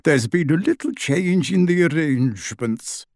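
Squeaky little wizard guy, super polite and bouncy, goes way up and down, man putting him on. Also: measured pace, no room sound, clean studio sound. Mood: excited, polite. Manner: squeaky, excited, overly courteous. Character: excitable small older wizard, fussy and polite.

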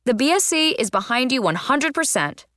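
Brief: woman reading as a decisive teen club president, firm and raised in pitch, dry close sound. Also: sing-song, moderate pace, a bit bright, no echo. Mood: reassuring. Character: firm, take-charge teenage girl club president.

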